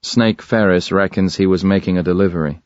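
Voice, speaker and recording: A man narrating a thriller audiobook in the first person, with a measured, even delivery. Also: low voice, no room sound, muffled recording.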